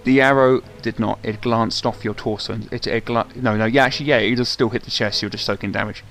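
A man's voice: mid-range voice, steady tone, quick pace, fairly bright tone, soft background music. A man as game master of a tabletop game, narrating and correcting himself mid-sentence.

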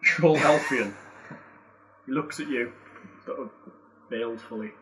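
A man's voice: mid-range voice, measured pace. A man narrating a tabletop game as game master in a casual, jokey way. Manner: casual, jokey, swears lightly. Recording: distant mic, faint noise.

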